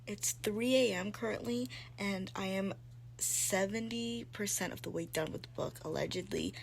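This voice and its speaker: A young woman talks through her reading in a casual vlog, gushing and excitable. Her voice has a creaky, fried edge at a middling pitch. A faint hiss of noise sits under the recording. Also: normal speed. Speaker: book vlogger.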